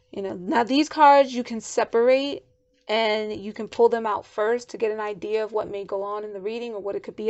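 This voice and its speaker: A woman talks through oracle cards in a relaxed, chatty way, with plenty of fillers and little asides. Her voice sits at a middle pitch. She explains each card loosely as she goes. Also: muffled recording. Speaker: oracle card reader and deck creator. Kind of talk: casual card reading and deck walkthrough.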